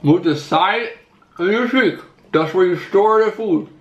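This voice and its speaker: A man's voice: sits high, measured pace, muffled recording. A man at home, teasing and lecturing his partner in casual chat. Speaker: vlogger's partner. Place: home, indoors. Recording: echoey room, faint noise.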